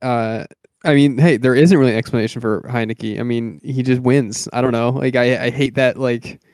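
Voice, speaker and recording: A young man with a smooth, clear voice talks football in loose podcast banter. He rambles and hedges constantly, close to a dry mic. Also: medium pitch, fairly even intonation, normal speed, darkish tone, no room sound. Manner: rambling, hedging with "like" and "I mean". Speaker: podcast co-host. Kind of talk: casual sports chat.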